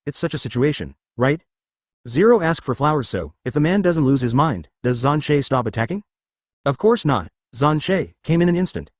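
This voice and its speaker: A man's voice: mid-range voice, darkish tone, dry recording, studio quality. A man narrating a story in a stilted, literal reading style, breaking in with abrupt sound words.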